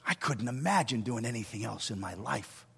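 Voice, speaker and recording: A middle-aged pastor preaching a sermon, moving from hushed asides to shouted lines and acting out dialogue. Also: male voice, medium pitch, animated, moderate pace, creaky, slightly rough, in a large hall.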